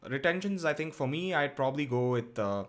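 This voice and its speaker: A man's voice: on the high side, expressive, brisk, a bit bright. A man co-hosting a cricket podcast, talking casually with lots of fillers and restarts. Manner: hesitant, many fillers and restarts.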